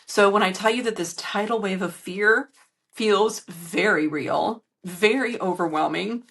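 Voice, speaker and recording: A woman's voice: medium pitch, measured pace, vocal fry, a bit bright, slightly rough. A woman podcast host and business coach speaking earnestly and emotionally to her listeners, recorded on a phone in a hotel room. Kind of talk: candid solo podcast monologue.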